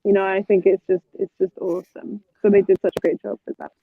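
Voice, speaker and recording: A man's voice: sits high, flat delivery, fast talker, narrow, tinny audio. A British man co-hosting a live podcast, chatting in an enthusiastic, chatty way. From Britain. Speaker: podcast co-host. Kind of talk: casual live podcast chat.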